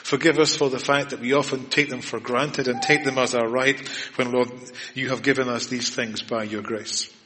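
A man leading a spoken prayer in a church service, calling on "Lord" at nearly every phrase in a steady rhythm. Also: mid-range voice, normal speed, hardly any pauses. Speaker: worship leader. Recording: reverberant church hall.

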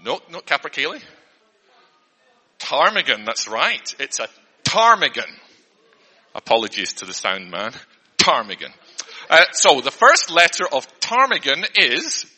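Comic man as a mock teacher, sharp bright tone, bouncy pitch, flustered earnest patter. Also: wildly swooping pitch, unhurried, pauses often, husky. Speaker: comedian. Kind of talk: mock spelling lesson for an audience. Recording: long hall reverb.

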